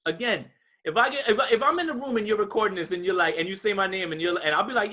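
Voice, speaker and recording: A man's voice: high voice, animated, rapid-fire, pushed and bright. A man co-hosting a podcast, ranting in casual chat with lots of profanity. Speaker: podcast co-host.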